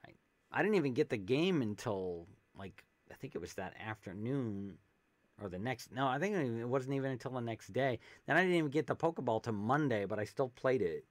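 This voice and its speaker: A man streams a video game on a desk USB microphone with a pop filter, chatting casually and reading game text aloud with jokey asides. His mid-range voice has lively intonation and a brisk pace, with no room sound.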